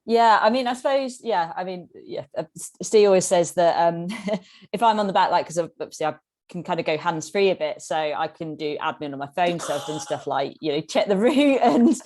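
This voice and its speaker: A woman's voice: lowish voice, brisk. A woman guest on a podcast telling casual stories, laughing often as she talks. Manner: giggly, animated, often laughs mid-sentence. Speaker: podcast guest, tandem cyclist. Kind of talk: casual storytelling.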